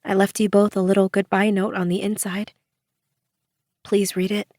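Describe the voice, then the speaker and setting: A woman's voice: medium pitch, little pitch movement, normal speed, darkish tone, no room sound, studio quality, lightly acted. A woman narrator voicing a frightened but brave young female death-row prisoner who speaks with a trembling voice. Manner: trembling, forcing a smile.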